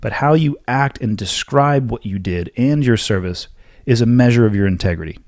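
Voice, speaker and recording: A man's voice: mid-range voice, expressive, normal speed, darkish tone, no echo, clean studio sound. A man hosting a podcast, answering listener questions alone in a blunt, emphatic manner with the odd curse. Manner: blunt, emphatic, occasionally profane. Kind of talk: solo Q&A monologue.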